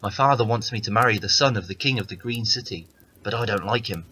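A man's voice: fairly low pitch, fast, bright, forceful tone, a little hiss or hum. Man voicing a secretive young woman in a fairy tale read-aloud; near his own voice. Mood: confiding. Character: giant's young daughter, secretive and clever.

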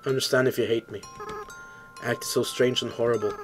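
A man's voice: medium pitch, fairly even intonation, soft background music, natural voice. Man reading as a tearful young goat-monster boy. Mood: remorseful. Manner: soft, halting, stumbling over words. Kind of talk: reading game dialogue aloud.

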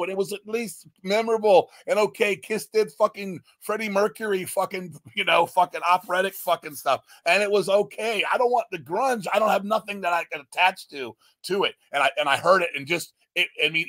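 A man in casual podcast chat, loud and swearing, mocking things he hates and breaking into shouted parodies. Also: sits high, no room sound, studio quality. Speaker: podcast guest.

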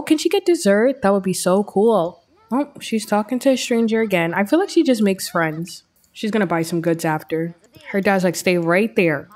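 A woman hosting a let's-play, giving chatty, excitable commentary as she tells her game's story. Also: medium pitch. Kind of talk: casual gameplay commentary.

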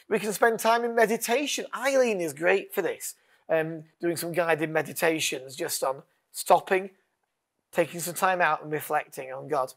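A man preaching a sermon as pastor, earnest, leading call-and-response lines and dropping to a hush. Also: a little high, gravelly.

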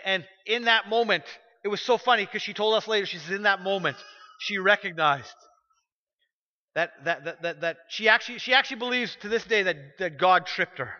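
High, bright-voiced preacher in a reverberant hall. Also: male voice. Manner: storytelling, emphatic, repeats phrases when pressing a point. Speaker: pastor. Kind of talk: sermon. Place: church sanctuary. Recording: dull recording with long hall reverb.

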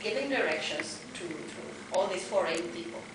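A woman from Argentina whose first language is Spanish, speaking English as a translator on a panel, often halting and repeating words as she searches for phrasing. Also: on the low side, animated. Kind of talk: casual panel talk. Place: conference room. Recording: echoey room from far off, noisy.

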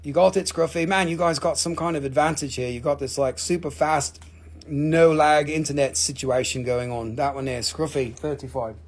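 A fairly high-voiced man with a husky edge runs a casual live-stream auction. He talks in an excitable, joking way and swears freely. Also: moderate pace. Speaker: live-stream crystal seller.

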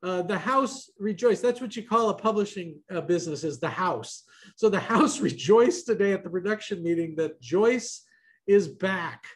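A man's voice: high voice, expressive, moderate pace. A man hosting a casual roundtable over a video call, loose and joking. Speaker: host.

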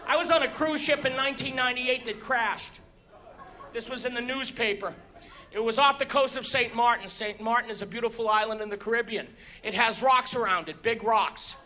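A male stand-up comedian telling stories on stage with animated exasperation. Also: very high-pitched, brisk. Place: comedy stage before an audience. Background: audience laughter.

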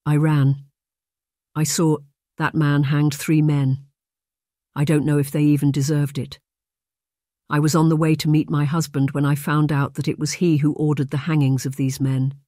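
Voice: medium pitch, level tone, moderate pace, dark tone, no room sound, clean studio sound, close to an everyday voice. A narrator voicing a sheltered young English noblewoman, prim and defiant with a trembling edge, in an audiobook. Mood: shaken. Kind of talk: audiobook character voice.

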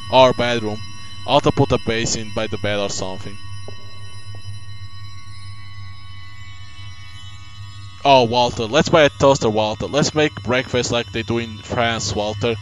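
A man voicing a hard-drinking, struggling male writer who talks gruffly and curses a lot. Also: mid-range voice, natural voice, rough recording. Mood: grumbling. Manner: reads game dialogue aloud, gruff and cursing.

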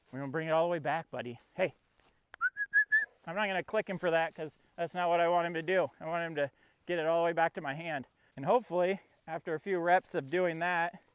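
Training his puppy outdoors in a field, a man coaxes the dog and walks viewers through each step of his casual vlog, narrating between commands. His voice is fairly high with a clean tone, captured in a dry recording.

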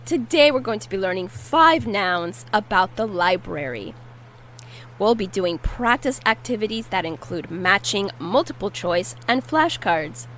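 Slow, careful woman teaching Spanish. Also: mid-range voice, animated, a bit bright, a little hiss or hum, low-quality recording. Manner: slow, careful repetition of words. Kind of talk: language lesson.

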